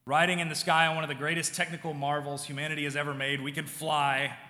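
A man preaching a sermon in a conversational style, moving from loud emphasis to hushed, quiet lines. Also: a little high, flat delivery, fast talker. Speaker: pastor. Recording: long hall reverb.

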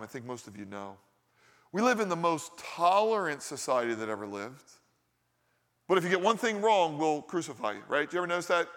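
A man's voice: a little high, a bit bright. Give me a male pastor giving a sermon in a church hall with a long echo, talking to the room and asking questions. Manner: conversational preaching with rhetorical questions.

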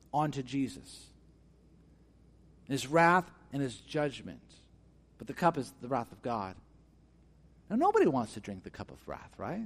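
A man delivering a sermon in a voice pitched a little above the usual male range. He moves between quiet, inward phrases and loud, emphatic ones. He puts questions to his congregation and acts out the voices he quotes. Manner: animated, swings between hushed and emphatic. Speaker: pastor. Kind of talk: preaching a sermon.

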